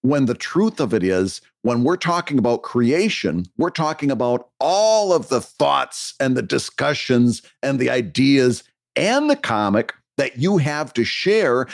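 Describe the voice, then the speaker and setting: A man co-hosting a podcast, giving emphatic, coaching-style advice in casual chat. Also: fairly high pitch. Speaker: podcast co-host.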